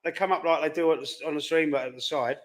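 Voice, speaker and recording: A man's voice: fairly high pitch, steady tone, quick pace, a crowd in the background. Cockney man telling rambling stories. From London. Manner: rambling anecdotes, quoting himself in back-and-forth exchanges. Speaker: host. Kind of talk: casual chat on a live stream.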